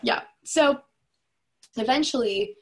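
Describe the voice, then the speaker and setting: Young female host, breathy, chatty, jokey storyteller. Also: fairly high pitch, takes it slowly, fairly bright tone. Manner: chatty, jokey, lots of "like" and fillers. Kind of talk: casual movie recap.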